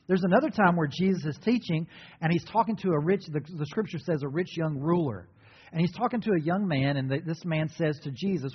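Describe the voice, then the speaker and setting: Pastor, male, slightly high voice, a bit husky, animated storytelling sermon in a reverberant sanctuary. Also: a little fast. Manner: animated storytelling, acts out biblical dialogue. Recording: dull, muffled sound with long reverb.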